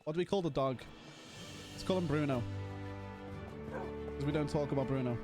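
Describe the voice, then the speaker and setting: A man's voice: fairly high pitch, moderate pace, over music. A young British man chatting casually and a bit scatterbrained to his live-stream chat. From Britain.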